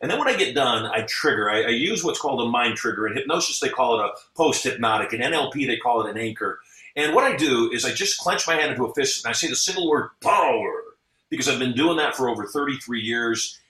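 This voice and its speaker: Bright, echoey middle-aged man. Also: mid-range voice. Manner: earnest storyteller acting out quotes. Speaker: podcast guest. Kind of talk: motivational interview talk. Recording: echoey, off-mic sound.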